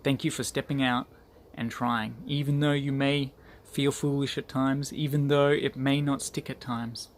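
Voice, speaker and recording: A man's voice: medium pitch, little pitch movement, unhurried, hardly any pauses. A man delivers an earnest motivational talk to the group he leads. His voice sits mid-range, and he repeats phrases to drive points home. Faint background noise runs underneath. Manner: earnest, repetitive for emphasis. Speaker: group leader.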